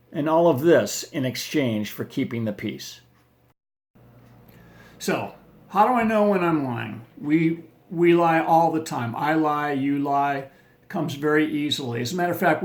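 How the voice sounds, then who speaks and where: A man presenting marriage advice in a scripted talk, giving definitions in a measured, list-like way. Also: mid-range voice.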